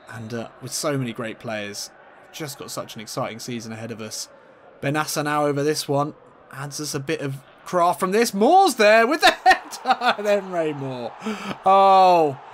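A man calling his own football video game in a mock-commentator style, with a fairly high voice that shoots up whenever a chance comes. His delivery is excitable and playful. A faint hum of noise sits behind him. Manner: excitable, jumps high in pitch at chances, laughs often. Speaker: gaming YouTuber commentating his own match.

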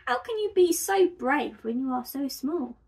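A big, scared bear with a squeaky, nervous voice, as a woman puts him on for a read-aloud storybook. He talks meekly, high and slow, unsure of himself. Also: lively intonation, gravelly, darkish tone, full character voice. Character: timid shy male bear, big but scared.

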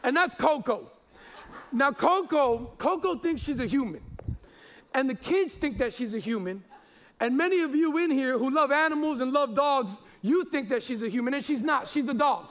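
Pastor guy in his 40s, really high voice, jokes around and trips over his words a lot. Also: expressive, normal speed, a bit bright. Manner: chatty and jokey, with many repeated words and fillers. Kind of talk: sermon.

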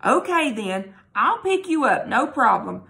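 A worried mother who fusses and apologizes, her voice pitched a little high with a gravelly edge, as a woman teacher reads her part aloud. She sounds anxious about her children. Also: expressive, normal speed, a bit bright. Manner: anxious, fussing.

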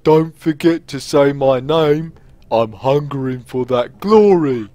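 A man doing a slow, plodding ogre. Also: mid-range voice, dark tone, dry recording, voice pushed up, close to an everyday voice. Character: slow, dim-sounding male ogre.

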